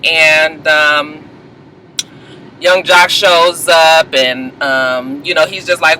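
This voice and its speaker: A woman giving a casual, gossipy TV episode recap, animated and sassy, laughing often and swearing freely. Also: low-pitched, takes it slowly, a little hiss or hum, low-quality recording. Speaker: TV show reviewer.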